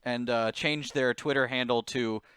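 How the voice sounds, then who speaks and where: A man's voice: mid-range voice, steady tone, moderate pace, fairly bright tone, clear, resonant tone, no room sound, clean studio sound. A man co-hosting a podcast, talking in a rambling, casual way and laughing often. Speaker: podcast co-host. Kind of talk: casual chat.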